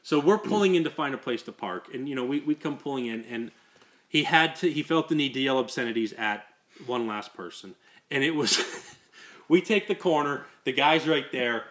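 A man's voice: mid-range voice, lively intonation, normal speed, fairly bright tone. A man hosting a podcast, telling a long story in casual chat, repeating words and laughing as he goes. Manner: rambling, repeats words, laughs through stories. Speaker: podcast host.

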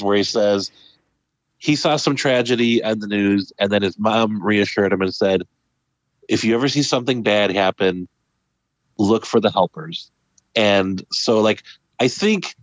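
A man's voice: lowish voice, no room sound. A man co-hosting a casual film discussion, talking animatedly and acting out characters' lines. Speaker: podcast co-host. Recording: dull lo-fi sound.

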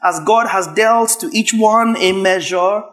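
A man preaching a sermon, emphatic and repetitive, rising to shouts at his peaks. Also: high voice, measured pace, soft background music. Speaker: pastor.

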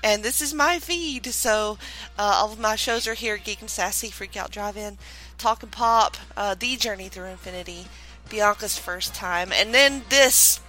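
A woman's voice: medium pitch, a little slow, bright, forceful tone, low-quality recording. A woman hosting a podcast, bantering wryly and laughing with her guest. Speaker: podcast host. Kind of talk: casual podcast chat.

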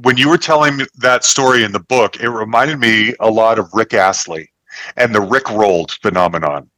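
A man's voice: lowish voice, moderate pace, pushed and bright, dry recording, poor audio. A man hosting a book club interview, who often cuts in with short encouraging acknowledgements. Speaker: podcast host. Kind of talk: conversational interview.

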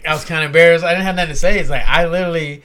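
A man's voice: a little high, fairly even intonation, rapid-fire, bright, forceful tone. A middle-aged man from Northern California in casual chat, telling loose, profane stories. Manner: swearing, loose storytelling.

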